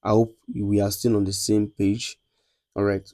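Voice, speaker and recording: A Nigerian man teaches a beginners' class at a slow, measured pace. He repeats each sound for his students and keeps checking they follow. His voice sits low and mellow, in a dry recording. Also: little pitch movement, no echo. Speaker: lecturer. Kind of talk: classroom lesson on French letters.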